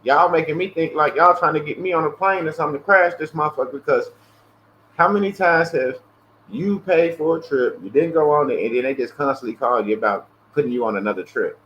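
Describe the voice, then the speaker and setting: Brief: man hosting a loose livestream, casual and profane, animated storyteller, slightly dull lo-fi audio with faint hiss. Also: on the high side, fairly quick. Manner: mimics callers in a raised voice. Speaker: livestream host. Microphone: earpiece headset.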